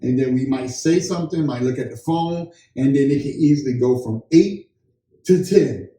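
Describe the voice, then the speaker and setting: Young husband co-host, dark voice, playful storyteller, mic a bit off in a roomy space. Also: male voice, medium pitch, normal speed, far from the mic. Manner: joking, animated storyteller acting out dialogue. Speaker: podcast co-host. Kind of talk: casual chat.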